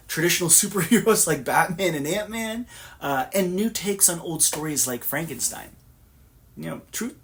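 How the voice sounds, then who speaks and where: Chatty man giving frank film picks. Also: a little high. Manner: chatty and frank, with laughs and fillers. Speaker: bookstore owner reviewing films. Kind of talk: casual video review.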